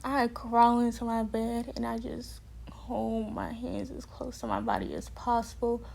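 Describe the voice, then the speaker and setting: A young woman tells her own story to the camera in a fired-up, cursing style. Her voice sits a little high for a woman. She has the loose pacing of casual storytime talk. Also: lively intonation, measured pace, creaky, mellow. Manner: heated, profane storytelling. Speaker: vlogger. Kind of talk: storytime vlog.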